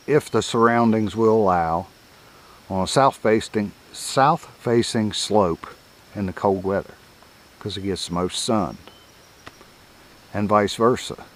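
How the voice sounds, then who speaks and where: Older man, lowish voice, easygoing rambling how-to talk with chuckles. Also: slight background noise. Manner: folksy, rambling, chuckles often. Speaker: coyote hunting instructor. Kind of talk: casual outdoor teaching.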